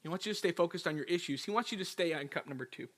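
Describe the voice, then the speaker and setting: A male pastor preaching an energetic, emphatic sermon with storytelling. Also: fairly high pitch, racing.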